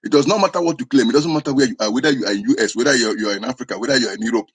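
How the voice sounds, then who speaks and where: A man's voice: mid-range voice, very fast, husky. A man with an Igbo accent, a traditional spiritual teacher preaching in a scolding, insistent way, often restarting his words. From southeastern Nigeria. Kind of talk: impassioned preaching to camera.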